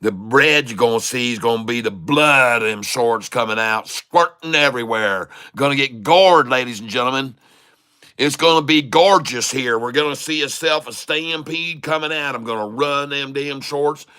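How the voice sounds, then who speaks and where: A man with a drawl rambles through casual livestream commentary on stock trading. His voice is bright and forward, and his humor is folksy and crude, broken up by easy chuckles. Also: mid-range voice, moderate pace, smooth.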